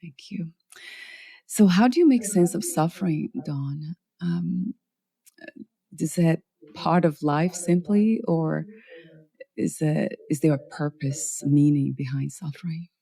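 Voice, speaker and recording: Woman interview host, low and dark-toned, gentle and reflective. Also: gravelly. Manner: slow, reflective, many soft affirmations. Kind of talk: interview conversation.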